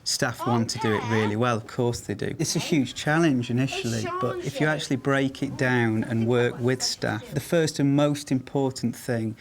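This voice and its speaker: A man with an English accent, a secondary school language teacher, talking in an interview with a brisk, practical way of explaining. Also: mid-range voice, crowd noise. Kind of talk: interview talk.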